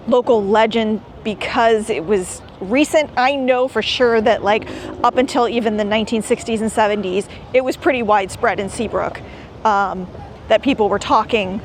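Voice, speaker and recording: A woman hosting a travel vlog, chatting in a rambling, enthusiastic way while walking around outdoors. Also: a little high. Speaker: vlogger host. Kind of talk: casual travel vlog narration. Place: outdoors at a busy beach town. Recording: outdoor street noise behind.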